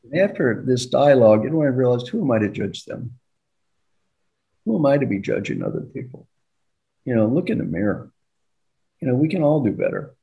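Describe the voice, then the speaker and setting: An older man coaching on leadership, telling anecdotes with a lively, swooping pitch. His voice is dark and mellow, and he acts out both sides of the conversations he recalls. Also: fairly quick, vocal fry, pauses often, muffled recording. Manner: animated, acts out dialogue with laughs. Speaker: executive coach. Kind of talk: storytelling leadership talk.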